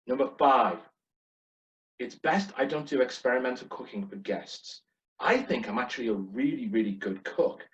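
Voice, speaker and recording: Middle-aged guy doing a funny self-roasting speech at a club contest, mid-pitch voice, sounds far off on a muffled mic. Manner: self-deprecating, wry list delivery. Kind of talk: humorous prepared speech. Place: club meeting room. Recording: distant dull lo-fi room recording.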